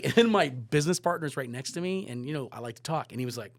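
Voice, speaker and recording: A man telling a story as a podcast guest, lively, swearing, moving from loud bursts to hushed asides. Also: mid-range voice, quick pace, dry recording. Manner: animated, swearing, swings between loud and hushed. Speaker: guest photographer and director. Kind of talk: casual storytelling.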